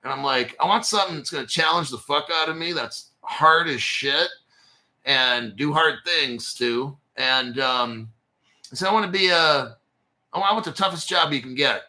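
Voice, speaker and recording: A very bright, sharp-toned man in his forties, a bit high for a man, rambling through a casual livestream story. He swears freely, laughs between phrases, and jumps back to restart his sentences. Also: moderate pace. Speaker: crypto channel host.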